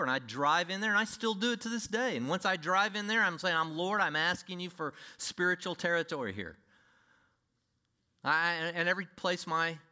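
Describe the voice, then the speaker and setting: A man preaching a sermon to his congregation, emphatic, with sudden swings between loud and quiet delivery. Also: fairly high pitch. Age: older. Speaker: pastor.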